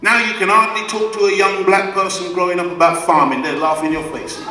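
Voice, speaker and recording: Fairly quick and level in tone, a man's high-pitched voice sounds pushed and bright as he delivers an emphatic address to an audience that talks back. He is the guest speaker at a community event, recorded from afar in an echoey hall with slight background noise.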